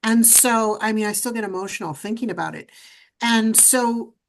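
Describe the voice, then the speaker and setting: A middle-aged woman, a podcast guest, telling her story in an animated, emphatic way. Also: fairly high pitch, moderate pace, gravelly. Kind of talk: storytelling interview.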